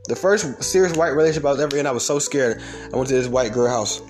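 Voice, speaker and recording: A man telling stories and ranting in a blunt, profane, fast-talking way. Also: mid-range voice, a little mellow, faint music behind. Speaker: storyteller. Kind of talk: comedic storytelling rant.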